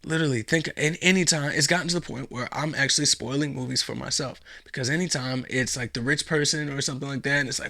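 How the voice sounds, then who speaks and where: A man's voice: mid-range voice, fast, creaky, hardly any pauses, pushed and bright. A man hosting a podcast, giving mocking, emphatic commentary with lots of repetition. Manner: mocking and emphatic, with many repeats. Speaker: podcast host.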